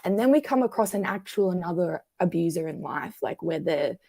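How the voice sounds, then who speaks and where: A woman, a coach talking through emotional patterns in a conversational interview, animated and acting out the voices she quotes. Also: on the low side, brisk, vocal fry, no echo. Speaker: guest coach.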